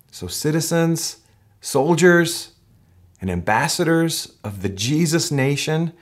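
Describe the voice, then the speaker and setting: A male pastor preaching a sermon in an earnest way that climbs into excited emphasis. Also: on the low side.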